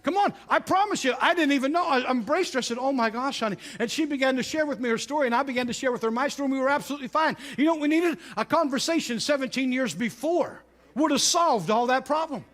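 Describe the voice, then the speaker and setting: Middle-aged pastor, very high voice, storytelling sermon style, swings from loud to hushed. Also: male voice, fast.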